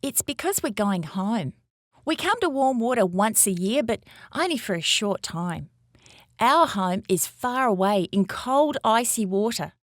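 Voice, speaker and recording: A woman voicing an eager, affectionate baby female orca in a high, childlike voice for a storybook. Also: expressive, a little slow, no room sound, clean studio sound. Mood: pleading.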